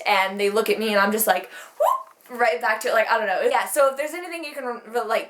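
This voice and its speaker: A woman's voice: fairly high pitch, fairly bright tone. A young adult woman telling stories in a casual vlog, ranting with heavy swearing. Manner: profane, heated ranting storyteller. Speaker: vlogger. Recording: roomy echo.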